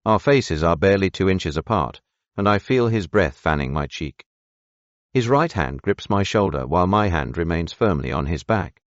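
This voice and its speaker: A man narrating a romance audiobook in the first person, steady, measured and intimate. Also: low voice, no echo, dull audio.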